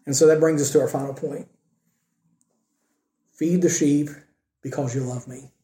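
This sermon comes from a man whose voice, though a bit high, is very dark and mellow, with a steady tone and moderate pace. He addresses his congregation earnestly and conversationally, building emphasis as he pushes his points. The recording has the echo of a church room.

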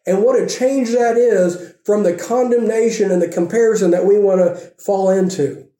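A man's voice: sits high, fairly even intonation, moderate pace, dark tone, reverberant. A man preaching a sermon as pastor, earnest, driving points home with repeated phrases.

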